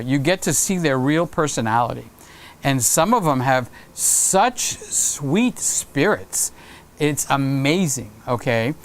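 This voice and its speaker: A man hosting his own livestream, chatting casually and rambling through anecdotes while laughing at his own stories. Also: fairly high pitch. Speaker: livestream host.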